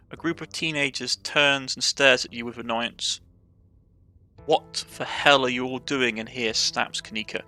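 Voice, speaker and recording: A gravelly man with a Cornish accent reads out a story game's narration and lines, with a bright, sharp edge to his voice. He trips over words now and then and backs up to fix them, while soft game music plays underneath. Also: medium pitch. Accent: Cornish English. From Cornwall, England. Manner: reads dialogue and narration aloud, stumbles and corrects himself. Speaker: let's play gamer. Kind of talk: reading game text aloud with light character voices.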